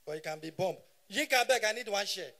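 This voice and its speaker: A man in his thirties with a Nigerian Pidgin English accent, doing live stand-up comedy on stage and shouting punchlines in bursts. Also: high voice, lively intonation, fairly quick. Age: 30s.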